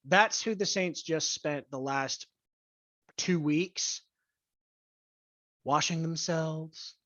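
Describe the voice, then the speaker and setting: A podcast host in a profane sports rant, angry, crude and blunt, stressing key words with deliberate emphasis. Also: mid-range voice, fairly bright tone, no room sound. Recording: dull lo-fi dry recording.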